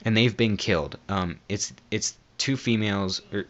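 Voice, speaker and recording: A man's voice: on the low side, moderate pace, a bit bright, lo-fi sound. A man casually recapping a horror movie plot in a rambling, loose way, swearing freely and stopping to correct himself. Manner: rambling, lots of fillers and restarts, swears freely. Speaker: movie reviewer.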